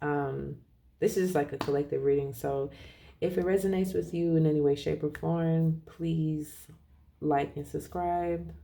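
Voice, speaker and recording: A tarot reader talking casually and rambling, correcting themself often and laughing softly as they share a reading. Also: mid-range voice, fairly even intonation, measured pace, creaky.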